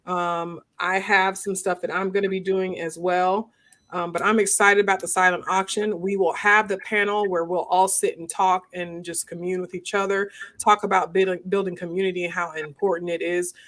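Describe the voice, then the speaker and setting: A woman hosting a casual live-stream chat, animated and quick to laugh, her voice jumping high when she jokes. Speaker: host.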